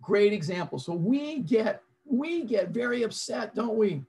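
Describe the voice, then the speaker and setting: A man's voice: high voice, big pitch swings, measured pace, few pauses, mellow, slight background noise. A man presenting an interactive online seminar over a video call, coaching his audience and repeating his prompts.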